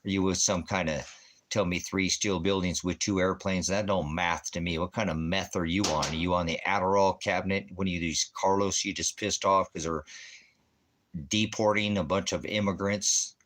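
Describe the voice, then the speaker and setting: A man's voice: low voice, steady tone, normal speed, fairly bright tone, a little hiss or hum. A man hosting a ministry show, delivering a ranting religious commentary in a mocking, sarcastic way, chuckling between jabs. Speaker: ministry host.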